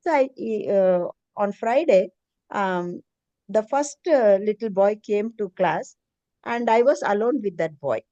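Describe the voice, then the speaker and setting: A woman's voice: mid-range voice, expressive, measured pace, mellow, no room sound, muffled recording. A middle-aged woman, earnestly telling a personal story on a video call in a hesitant, emotional way. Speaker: meeting participant, preschool teacher.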